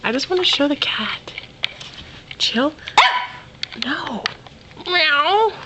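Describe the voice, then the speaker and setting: A woman's voice: high-pitched, lively intonation, slow, bright, forceful tone. A woman filming her pets at home, joking around in mock-pirate slang and teasing the animals. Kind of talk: playful home video commentary. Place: at home indoors. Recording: noisy home camcorder audio.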